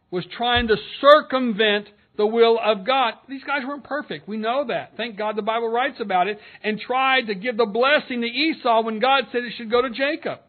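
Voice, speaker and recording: Male pastor, earnest expository sermon, high-pitched, thin telephone-line quality. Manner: earnest, reads scripture aloud and comments between verses. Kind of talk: expository sermon with scripture reading. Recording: narrow phone-like sound.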